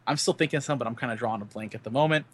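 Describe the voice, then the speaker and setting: A man's voice: mid-range voice, racing. A man co-hosting a podcast, chatting casually and joking around with his co-hosts. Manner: joking, animated. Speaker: podcast co-host.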